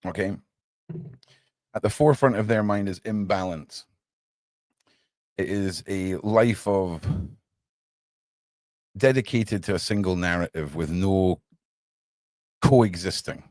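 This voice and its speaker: A man's voice: sits low, takes it slowly, long pauses, dry recording. A man hosting a casual live stream, talking to his viewers, calling them mate and swearing now and then. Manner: animated, swears casually, addresses chat as mate. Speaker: livestream podcast host.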